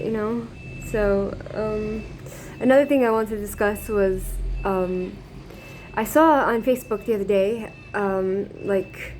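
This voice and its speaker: A woman vlogging a story to her camera in a casual, rambling way, with plenty of fillers and restarts. Her voice sits at an ordinary middle pitch. A faint background hiss runs under the recording. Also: a little mellow. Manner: rambling, many fillers and restarts, laughs often. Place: living in Israel.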